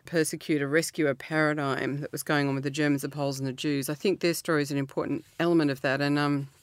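A middle-aged woman, talking earnestly as an interview guest, laughing often and jumping up in pitch. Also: level tone, quick pace, no room sound. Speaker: author guest. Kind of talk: reflective interview talk.

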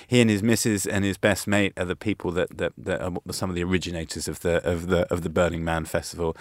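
British man, very low voice, rambling enthusiasm, restarts, dry close sound. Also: no echo. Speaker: travel journalist guest. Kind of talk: radio interview.

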